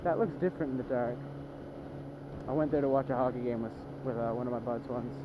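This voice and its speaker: A man's voice: mid-range voice, steady tone, fast talker. A young man talking casually to the camera while he drives, rambling and self-deprecating, with many restarts. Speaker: vlogger. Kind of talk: casual driving vlog. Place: inside a moving car. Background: car and road noise.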